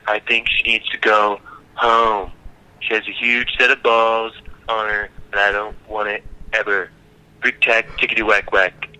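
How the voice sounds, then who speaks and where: A man doing a rambling impression of a blustering politician, his voice bright and sharp. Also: on the low side, flat delivery, a little slow, smooth, poor audio. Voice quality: rambling, nonsense-spouting.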